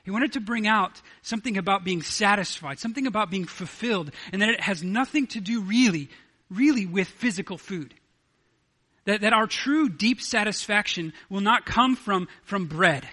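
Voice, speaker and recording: A male pastor preaching an earnest sermon in a bright, fairly high voice. He often stumbles into restarts and repeated words as he builds his point. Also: animated, moderate pace.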